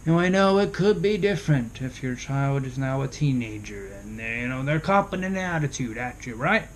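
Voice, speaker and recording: A man's voice: medium pitch, animated, moderate pace, a little hiss or hum. A young man in his early twenties talking casually to camera, giving parenting advice and asking rhetorical questions. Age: young adult. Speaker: vlogger.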